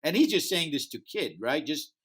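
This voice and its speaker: A man whose first language is not English tells a story in a podcast interview. He acts out the dialogue as he goes, and his voice sits on the higher side. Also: normal speed, slightly rough. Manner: animated storyteller acting out dialogue. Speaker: music festival founder, guest.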